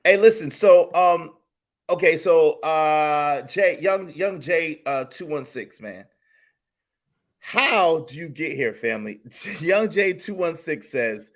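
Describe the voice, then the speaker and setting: A man hosting a casual panel discussion who jumps in, talks in slang and reads out viewer comments with animated reactions. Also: a little high, measured pace. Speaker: podcast host.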